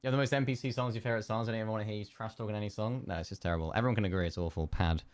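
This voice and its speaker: A man's voice: on the low side, rapid-fire, no room sound. A young man streaming live, muttering one-word guesses to chat, keyboard clicks behind. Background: keyboard clicks and typing.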